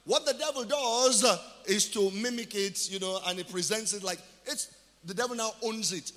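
A male pastor with a Nigerian accent preaching a sermon. He asks questions and answers them himself, then builds to shouted declarations. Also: high-pitched, moderate pace, big-room sound. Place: church.

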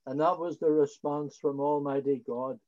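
A man preaching a sermon in an earnest, slow way, with rising emphasis on key words. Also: fairly high pitch, fairly even intonation, darkish tone. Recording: dull lo-fi recording.

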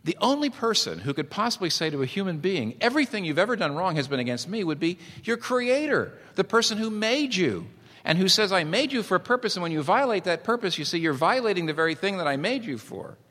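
A man preaching a sermon as pastor, earnest and animated, acting out little stories as he goes. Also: high-pitched, fast, big-room sound.

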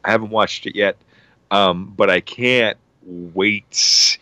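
Low-voiced man gushing about a show. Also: fairly even intonation, takes it slowly, pushed and bright, no room sound. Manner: rambling, enthusiastic, many fillers and restarts. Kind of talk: casual show recommendation.

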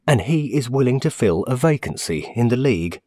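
A man's voice: mid-range voice, expressive, a little fast, a little mellow, no room sound, clean studio sound, voice pushed up, close to an everyday voice. A man voicing an obliging young male shop assistant who sounds eager and reassuring.

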